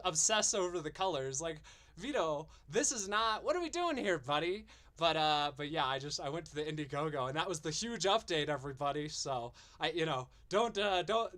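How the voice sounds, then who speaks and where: A man's voice: on the high side, a bit bright. A man hosting a stream, ranting in a profane, mocking and exasperated way. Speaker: streamer and show host.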